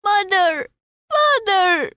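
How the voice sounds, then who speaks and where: A small boy lost at a busy fair, as a woman puts him on, whines and pleads in a high, thin voice. He cries out over and over for his mother and father, drawing the words out slowly. It is storybook cartoon acting, recorded close and dry. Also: expressive, bright, forceful tone, no echo, full character voice. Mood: wailing. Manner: whiny pleading, crying out.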